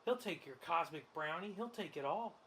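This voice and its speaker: Man putting on a folksy, over-the-top older football broadcaster, pitched a bit high. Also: animated, moderate pace, a bit bright, a little hiss or hum. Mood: hyped. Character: hyped-up older male football commentator.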